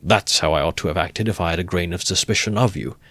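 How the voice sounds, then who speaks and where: A man's voice: sits low, fast, fairly bright tone, no echo. A man reading aloud as a sly, ironical middle-aged investigator, needling with good-humoured questions.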